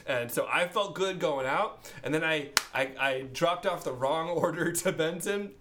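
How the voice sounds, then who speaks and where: A man's voice: fairly high pitch, a little slow, noisy background. A man co-hosting a podcast, rambling and joking in casual chat and laughing often. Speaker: podcast co-host.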